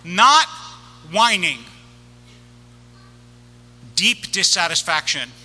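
Rabbi giving a funny sermon, high voice, big echoey sanctuary. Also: male voice, big pitch swings, drawn-out words, bright, forceful tone. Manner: humorous storytelling, wry comic timing.

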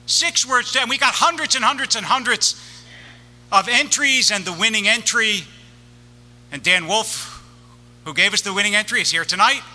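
A man's voice: high voice, moderate pace, pauses often, pushed and bright, long reverb tail. A man, a rabbi, giving a sermon in a synagogue, telling stories with wry comic timing.

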